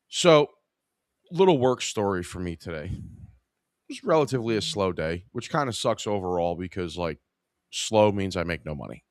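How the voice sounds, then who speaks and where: Low-voiced man telling a wry story. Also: lively intonation, moderate pace, no room sound, clean studio sound. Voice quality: irreverent, wry. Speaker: podcast host. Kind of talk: casual live podcast storytelling.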